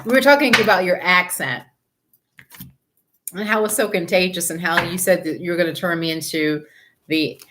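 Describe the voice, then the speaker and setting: A woman's voice: lowish voice, moderate pace, pauses often, noisy background. A woman tarot reader on a live stream, chatting casually with viewers, greeting them by name and laughing often.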